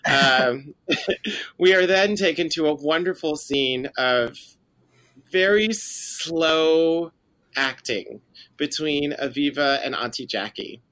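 Bright-voiced Caribbean woman, animated recap. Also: very deep voice, unhurried. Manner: animated, laughing, acts out characters' lines. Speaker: podcast co-host. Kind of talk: casual chat recapping a TV show.

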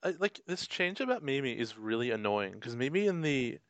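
A man's voice: medium pitch, big pitch swings, fairly quick, faint music behind. A man co-hosting a casual chat, talking loosely and laughing now and then as he acts out lines. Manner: chatty, laughs often, acts out quotes. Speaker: podcast co-host.

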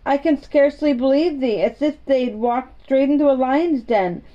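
A woman's voice: high voice, normal speed, highs cut off, voice pushed up, close to an everyday voice. Woman doing a fretful housemaid girl. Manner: dialect speech, fretful exclamations. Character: anxious young housemaid girl, fretful and excitable. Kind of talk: storybook reading.

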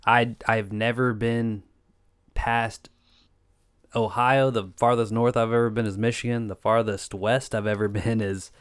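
A man's voice: on the low side, little pitch movement, measured pace, smooth. A man from Florida and Kentucky in casual chat, laid-back and swearing, saying dude a lot.

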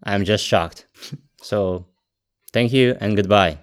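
A man hosting a podcast, talking earnestly in slightly halting English as he wraps up the interview. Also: fairly low pitch, clear, resonant tone. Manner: earnest, slightly halting non-native phrasing. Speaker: podcast host. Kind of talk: casual interview chat.

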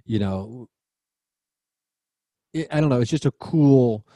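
A man's voice: medium pitch, slow pace, warm tone, dry recording. A man co-hosting a podcast in casual chat, rambling and searching for words. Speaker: podcast co-host. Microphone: remote call mic.

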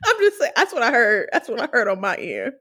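A woman's voice: fairly high pitch, bright, forceful tone, husky. A woman co-hosting a podcast in casual chat, teasing the others, laughing often and swearing now and then. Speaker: podcast co-host.

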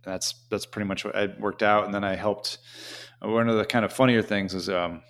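A man's voice: on the low side, fairly even intonation, normal speed, a bit bright. A man telling a casual, rambling story as an interview guest, with many "you know" fillers.

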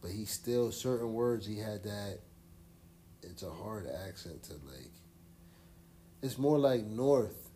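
A man's voice: lowish voice, animated, slow pace, long pauses, warm tone, slight background noise. A man co-hosting a podcast, talking in a laid-back, rambling way full of slang and fillers. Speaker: podcast co-host. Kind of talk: casual chat.

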